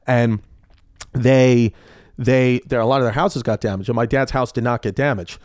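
Animated, profane man telling stories. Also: medium pitch, moderate pace, dry recording, studio quality. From New York. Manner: animated, profane, acts out quotes. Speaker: comedian guest. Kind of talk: casual storytelling.

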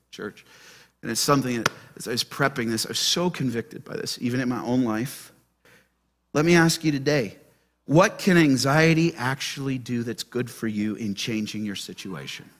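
Animated, bright-voiced male pastor. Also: medium pitch. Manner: animated, asks the congregation questions. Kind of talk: sermon. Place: church.

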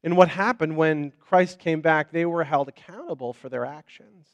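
A man's voice: on the high side, moderate pace, no echo. A man preaching as a pastor in an informal, conversational sermon. He often repeats words, restarts his sentences and checks in with "right?".

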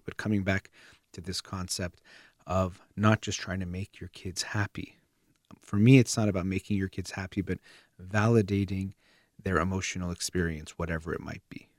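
A man giving steady, earnest parenting advice in a calm explanatory monologue, like a counselor. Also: deep voice, no room sound, clean studio sound.

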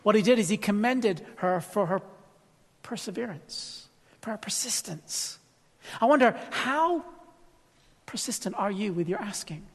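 A man preaching a sermon in a conversational way, full of rhetorical questions, moving from loud emphasis to hushed tones. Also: very high-pitched. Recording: long hall reverb.

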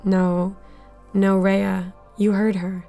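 A woman's voice: medium pitch, flat delivery, very slow, gravelly, mellow, soft background music. A woman voicing a desperate, defiant young woman who speaks in an urgent, pleading way in an audio drama.

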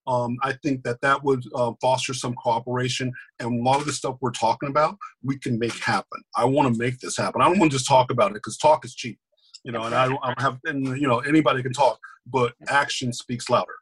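A man's voice: mid-range voice, fairly even intonation, brisk, a bit bright, breathy edge, low-quality recording. A man guest in a casual panel discussion, speaking earnestly with frequent restarts. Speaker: committee member guest.

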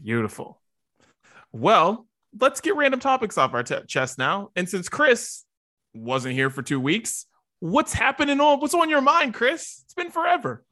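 A man co-hosting a casual podcast chat, talking in an excitable, emphatic way. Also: very high voice, unhurried, dry recording, clean studio sound. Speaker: podcast co-host.

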